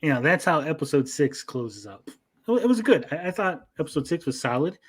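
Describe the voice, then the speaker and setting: A man hosting a casual podcast chat, swearing freely and retelling scenes with quick quoted voices. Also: fairly high pitch, big pitch swings, husky. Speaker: podcast host.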